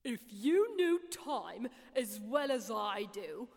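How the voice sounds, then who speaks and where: Woman doing a haughty, slow-spoken hatter. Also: fairly high pitch, sing-song, creaky, full character voice. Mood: contemptuous. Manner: slow, emphatic, contemptuous delivery. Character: haughty, mournful adult male hatter at a tea party. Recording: long reverb.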